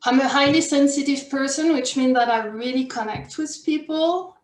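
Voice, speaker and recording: A woman's voice: high voice, normal speed, reverberant. A woman in her forties with a French accent, giving an earnest online workshop talk as a life coach, full of fillers and restarts. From France.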